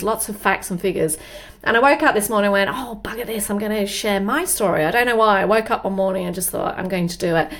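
A woman hosting an interview podcast, telling a lively anecdote before asking her question. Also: mid-range voice. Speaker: podcast host. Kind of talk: interview conversation.

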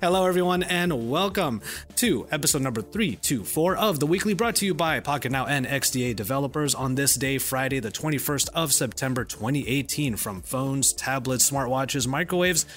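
Male podcast host, animated and bright, quick laughs, music faint behind. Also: medium pitch. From United States. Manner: lively, laughing, self-correcting. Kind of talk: casual tech podcast chat.

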